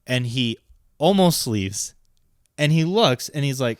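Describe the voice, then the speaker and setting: A man's voice: medium pitch, animated, slow pace, clear, resonant tone, dry recording, clean studio sound. A man co-hosting a podcast, telling a story in casual chat and acting out what people said. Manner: storytelling, acts out quotes. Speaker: podcast co-host.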